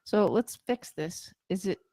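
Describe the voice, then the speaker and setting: A woman's voice: mid-range voice, animated, a little slow, mellow, no room sound. A woman with a Canadian accent co-hosting a casual chat, bantering and quizzical. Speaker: co-host.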